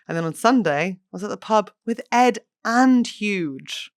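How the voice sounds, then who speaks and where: A young woman hosting a comedy podcast, chatting in an animated, self-mocking way and swearing freely. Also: medium pitch, unhurried. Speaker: podcast host. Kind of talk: casual comedic chat.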